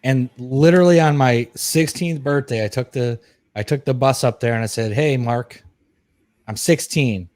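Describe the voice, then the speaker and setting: Animated storytelling man, dry sound. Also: mid-range voice, normal speed, dry recording. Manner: animated storyteller, acts out quotes. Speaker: podcast co-host. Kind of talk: casual chat, storytelling. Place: podcast studio.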